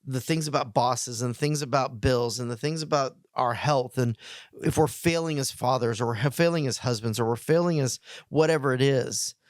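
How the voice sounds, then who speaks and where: A middle-aged male pastor giving a heartfelt, plainspoken message to men, earnest, with emotional pauses. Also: medium pitch, no room sound, clean studio sound.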